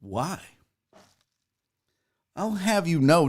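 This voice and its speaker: A middle-aged man hosting a casual live stream, loud and profane, excitably reading viewer messages aloud. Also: fairly high pitch, normal speed. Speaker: show host.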